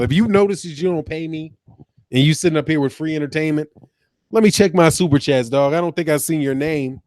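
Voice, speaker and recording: High-pitched animated man ranting on livestream. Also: a little fast, no echo. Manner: animated, laughing, profane, mocking commenters. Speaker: boxing channel host. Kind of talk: casual livestream talk reading chat.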